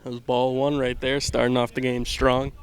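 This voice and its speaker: A man calling a baseball game outdoors on a handheld microphone, rambling and self-deprecating, often dropping to a hush. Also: medium pitch, completely flat delivery, normal speed, slight background noise. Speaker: play-by-play commentator. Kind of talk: casual joking sports commentary. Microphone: handheld microphone with earbuds.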